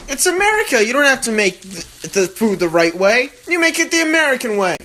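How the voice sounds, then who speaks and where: Young male comedy cooking host, high and bright, rambling mock-serious kitchen patter. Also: expressive, brisk. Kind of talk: comic cooking monologue. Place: home kitchen, frying on the stove. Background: sizzling pan.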